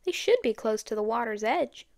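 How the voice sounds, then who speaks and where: A woman's voice: fairly high pitch, expressive, moderate pace, a little mellow, no echo, studio quality. A woman voicing a determined young girl detective in an audiobook, speaking earnestly.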